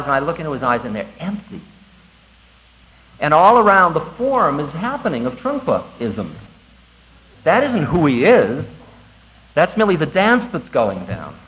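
A man giving a conversational spiritual talk to an audience, animated and laughing at himself. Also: a little high. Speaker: spiritual teacher. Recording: dull lo-fi recording with faint ambience.

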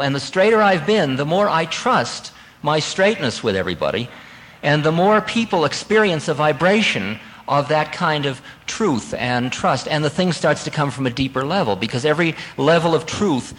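Animated man telling a spiritual story. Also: a little high, big-room sound, low-quality recording. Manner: animated, conversational, laughs at himself. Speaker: spiritual teacher.

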